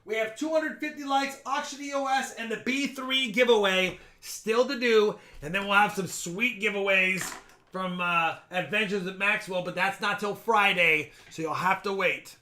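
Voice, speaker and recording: A man with a high, bright voice hosts a casual live stream. He jokes loudly with his viewers and counts down giveaways with playful energy. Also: moderate pace.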